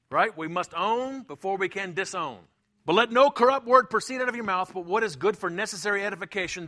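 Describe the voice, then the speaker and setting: A middle-aged man preaching a sermon in a high, bright voice. He talks with emphasis and repeats his points. Now and then he acts out the voices of the people he quotes. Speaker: pastor.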